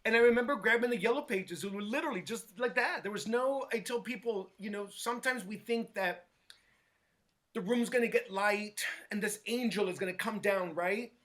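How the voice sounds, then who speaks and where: A middle-aged man with a high, bright voice recounts his past in a relaxed interview. He gets animated, slips into the voices of people he quotes, and keeps tossing "right?" to his listener. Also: normal speed. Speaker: guest, hair stylist. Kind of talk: casual storytelling interview.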